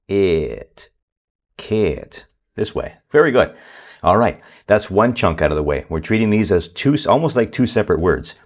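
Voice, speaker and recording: A man explaining to parents how to help a child who gets stuck while reading, calmly sounding out words slowly as he demonstrates. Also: sits low. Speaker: reading instructor. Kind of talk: instructional talk to parents.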